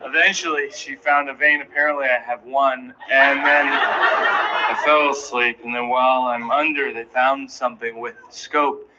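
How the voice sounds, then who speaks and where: A man in his thirties telling a stand-up comedy story in an anxious, self-deprecating, animated way. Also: medium pitch, normal speed. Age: 30s. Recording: dull, noisy live recording.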